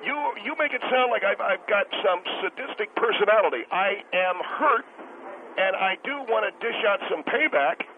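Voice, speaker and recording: A man doing a self-important, stammering restaurant boss who rants indignantly down a tinny, hissing phone line. His voice sits high for a man, and he keeps circling back to how he was wronged. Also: lively intonation, moderate pace. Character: bitter, self-important male restaurant owner caller. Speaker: caller on a talk show.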